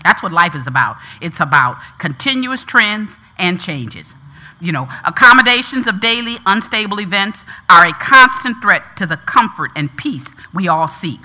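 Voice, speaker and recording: A woman preaching a sermon. Her voice is very bright and ringing, and her pitch swings widely. She repeats phrases with rising emphasis and calls to the congregation for answers. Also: big pitch swings, moderate pace.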